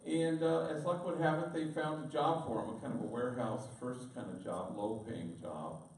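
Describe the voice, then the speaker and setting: A man's voice: mid-range voice, steady tone, normal speed, a little hiss or hum. A man, a priest, giving a storytelling talk to an audience and slipping in Spanish words. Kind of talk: storytelling speech. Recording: distant echoey room recording.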